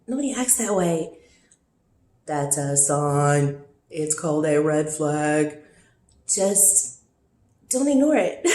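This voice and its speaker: A woman vlogging about a painful relationship, teary and worn from crying, talking in a raw, rambling way with throat-clearing. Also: mid-range voice, warm tone, reverberant. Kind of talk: emotional personal vlog confession.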